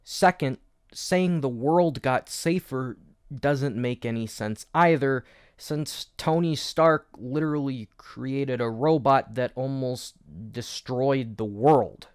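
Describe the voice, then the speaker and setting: A man's voice: mid-range voice, slow pace, a little mellow, smooth, no room sound, clean studio sound. A man hosting an educational video essay, explaining history with wry, jokey asides. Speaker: educational YouTube host.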